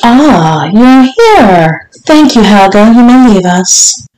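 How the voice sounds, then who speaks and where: A woman's voice: medium pitch, very animated, darkish tone. A haughty mocking lady of the manor, put on by a woman. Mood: teasing, imperious. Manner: teasing, imperious, drawn-out. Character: haughty, mocking wealthy older lady of the house. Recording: roomy echo.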